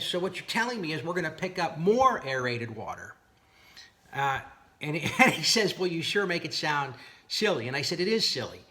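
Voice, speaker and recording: A man telling a long story about a dispute over his boat motors, reenacting both sides of the talk and sounding fed up and incredulous. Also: a little high. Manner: animated retelling with exasperated, incredulous asides. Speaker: boat owner recounting a dispute. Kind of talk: casual storytelling to camera.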